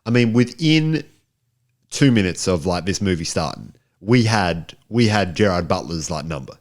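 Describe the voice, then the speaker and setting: Low-voiced man, wry podcast chat. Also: expressive, normal speed. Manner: laid-back, wry, recites facts. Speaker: podcast co-host. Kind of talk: casual movie review chat.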